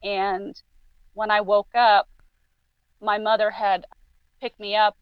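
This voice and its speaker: A woman guest on a casual podcast, telling a personal story haltingly with many fillers and restarts. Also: medium pitch, little pitch movement, clean tone, dry recording. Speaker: guest paranormal investigator. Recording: dull lo-fi sound.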